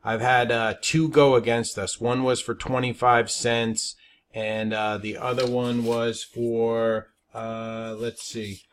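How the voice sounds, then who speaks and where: A man's voice: mid-range voice, flat delivery, slow pace, slight background noise. A man teaching stock trading in a webinar, talking emphatically and checking in with "all right?" after his points. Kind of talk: webinar presentation.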